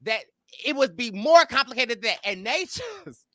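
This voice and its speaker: A man's voice: very high voice, very animated, normal speed, pushed and bright. A man hosting a podcast, chatting casually and rambling, often stopping to search for names. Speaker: podcast host. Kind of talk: casual chat.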